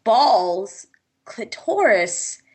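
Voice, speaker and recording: A woman's voice: a little high, very animated, drawn-out words, slightly rough. A woman hosting a casual podcast over an online call, playful and giggly, restarting the intro again and again. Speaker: podcast host.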